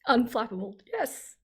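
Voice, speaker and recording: A woman's voice: high voice, darkish tone, husky. Aussie lady chatting on a stream, laughs a lot, reads out comments. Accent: Australian. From Australia. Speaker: streamer reading chat. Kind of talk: casual live chat.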